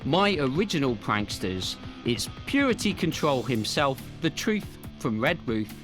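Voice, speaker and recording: A man's voice: medium pitch, very animated, a little slow, over music. A man in his thirties hosting a podcast, introducing everyone with grand announcer flourishes and puns. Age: 30s. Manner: grandiose, pun-filled announcing. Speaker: podcast host.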